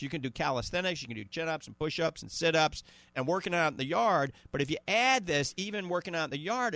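This is a man in his fifties with a New Orleans accent, talking on a radio call-in show. He sells a product with eager, repetitive nudges to the listener. His voice sits a little high and sounds dry and close to the mic. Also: fairly bright tone, dry recording. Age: 50s. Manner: salesy, repeats "okay?" and "all right?" to the listener. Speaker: radio host selling supplements.

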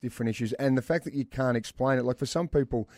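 A man's voice: medium pitch, fast talker, darkish tone, no room sound, studio quality. A middle-aged man with an Australian accent, talking openly and earnestly as a radio host, calling people mate. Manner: earnest, open, matey. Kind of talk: candid radio chat.

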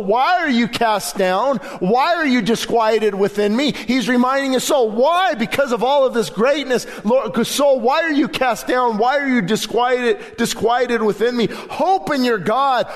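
A man preaching a sermon as pastor in a church, fervent and emphatic, hammering home repeated phrases. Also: extremely high pitch. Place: church sanctuary. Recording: long reverb of a large hall.

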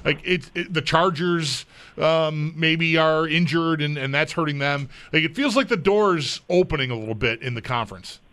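A man's voice: a little high, moderate pace, fairly bright tone. A man co-hosting sports radio talk, rambling a bit with fillers and chuckles.

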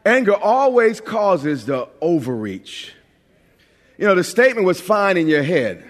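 Preacher, a man from New York with a high voice. Loose, joking sermon delivery, recorded in a big reverberant church hall. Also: very animated. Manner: conversational, joking preaching with quick restarts. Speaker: pastor.

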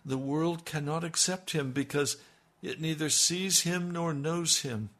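A man preaching an impassioned radio sermon as pastor, swinging between loud emphasis and hushed, intimate lines. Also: fairly high pitch, a little slow.

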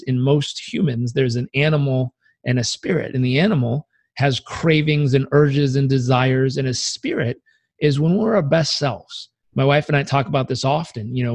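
A man speaking as a podcast guest, telling reflective stories in an earnest, conversational way and sometimes acting out inner voices. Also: no echo. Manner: earnest, acts out inner voices with pitch jumps.

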